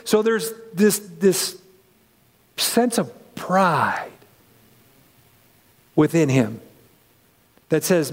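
A man's voice: fairly high pitch, slow pace, long pauses, big-room sound. A man preaching a conversational sermon, acting out the people in the story as he goes. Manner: conversational, animated, acts out voices.

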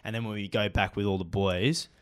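A man's voice: fairly low pitch, steady tone, fairly quick, clean tone. A young Australian man co-hosting a casual podcast, emphatic and ranting. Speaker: podcast co-host. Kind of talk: casual chat.

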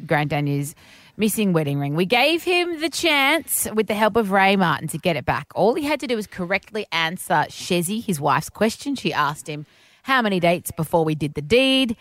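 A woman's voice: mid-range voice, big pitch swings, moderate pace, fairly bright tone, no echo. Playful Australian radio woman. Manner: playful, laughs often. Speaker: radio co-host. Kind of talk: morning radio banter.

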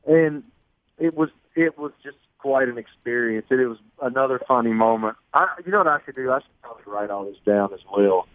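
A man's voice: mid-range voice, brisk, no echo. A man, a sportscaster guest telling self-deprecating stories in a phone-in radio interview. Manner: storytelling, self-deprecating, chatty. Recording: tinny phone line.

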